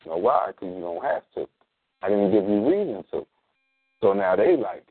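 A man hosting a casual talk radio show, plugging events in a relaxed, slangy way. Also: fairly low pitch, slightly rough, no room sound. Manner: laid-back slangy promos, spells things out slowly. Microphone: sits in a squeaky reclining chair. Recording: dry tinny phone-like line.

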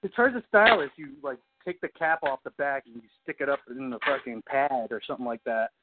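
A man hosts a podcast in loose, casual chat, rambling and swearing nonstop and repeatedly saying "you know what I mean." His mid-range voice moves fairly quickly. The audio is very noisy and tinny, like a phone.

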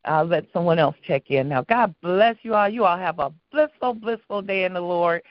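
A woman's voice: on the low side, moderate pace, no echo, highs cut off. A woman calling in to a prayer line, telling stories earnestly and often repeating her words. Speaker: caller. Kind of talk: call-in prayer request.

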